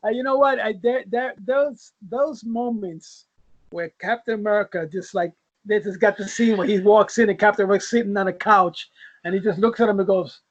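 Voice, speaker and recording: A man's voice: high-pitched, normal speed, fairly bright tone. A man who is a guest on a casual comic book discussion, who laughs often and repeats words as he thinks. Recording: dull lo-fi audio.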